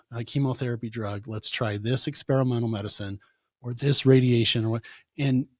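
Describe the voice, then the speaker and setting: A man, a chiropractor, answering interview questions in a conversational way, telling animated stories and acting out what his patients said. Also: mid-range voice, no room sound, clean studio sound. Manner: animated storytelling, acts out quoted patients. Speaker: chiropractor guest.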